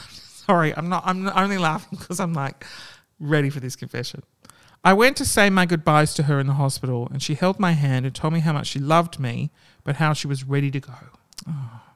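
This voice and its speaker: A man reading stories aloud and breaking off into hushed, emotional asides. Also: on the high side, brisk, clean tone. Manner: reactive, drops to hushed asides between readings.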